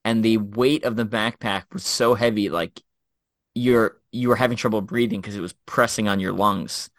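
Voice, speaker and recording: A man's voice: fairly low pitch, moderate pace, dry recording. A middle-aged man telling military stories in a casual podcast chat, full of fillers and restarts. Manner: animated storyteller, many fillers and restarts. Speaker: former Special Forces officer, guest co-host.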